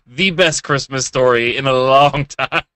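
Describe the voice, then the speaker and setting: A man's voice: mid-range voice, a little slow, bright, forceful tone, smooth, no echo. A man co-hosting a casual podcast chat, giving wry, laid-back replies. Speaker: co-host.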